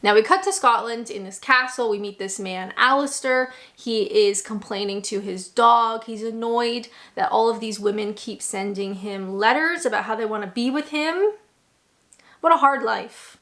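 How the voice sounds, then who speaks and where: A woman's voice: a little high, moderate pace, a bit bright, faint music behind. A young Canadian woman recapping a bad movie in casual commentary, with sarcastic asides and laughs. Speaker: movie reaction host.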